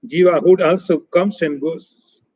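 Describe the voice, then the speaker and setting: A man teaching as a spiritual teacher in a scripture lecture, speaking in short, emphatic, repeated phrases that often trail off softer. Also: a little high, steady tone, a little slow, breathy edge, no echo, rough recording.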